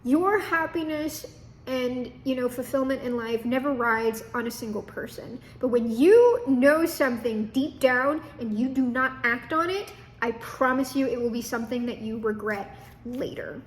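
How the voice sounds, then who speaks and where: High-voiced woman giving a casual tarot reading. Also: normal speed. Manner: chatty, swearing, laughing asides. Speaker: tarot reader.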